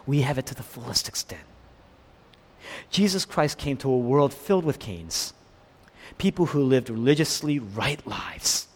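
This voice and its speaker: Impassioned pastor in a reverberant hall. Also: male voice, mid-range voice, lively intonation, measured pace, long pauses, slightly rough. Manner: impassioned, swinging between soft and loud. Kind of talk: sermon.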